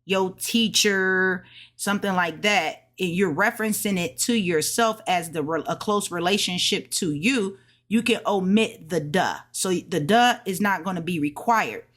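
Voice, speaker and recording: A woman casually explaining her study notes, sounding out words slowly and correcting herself. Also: lowish voice, fairly bright tone. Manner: thinks aloud, self-correcting, sounds out tones slowly. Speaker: language learner sharing study notes. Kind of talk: casual study vlog lesson.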